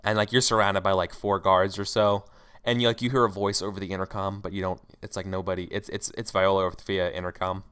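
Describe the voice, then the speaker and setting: A man's voice: low-pitched, flat delivery, brisk, fairly bright tone, clean tone. A man narrating a scene as game master in a tabletop role-playing game, rambling with many fillers.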